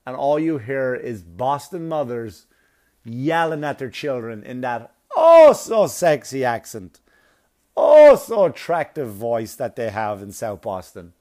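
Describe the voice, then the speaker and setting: A man doing stand-up, telling a long story in a profane, animated way with laughing asides. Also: fairly high pitch, moderate pace. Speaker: comedian.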